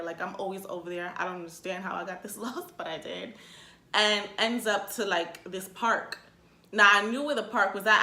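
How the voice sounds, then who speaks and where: Animated, swearing woman in an echoey room. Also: mid-range voice. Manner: animated, swearing, exasperated outbursts. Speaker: vlogger. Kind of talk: comedic storytime rant.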